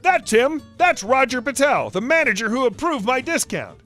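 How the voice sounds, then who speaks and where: A man voicing an obnoxious, entitled woman customer who insists and accuses loudly. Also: very animated, fairly quick, soft background music. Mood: indignant. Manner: shrill, indignant insisting. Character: obnoxious entitled woman shopper, loud, demanding.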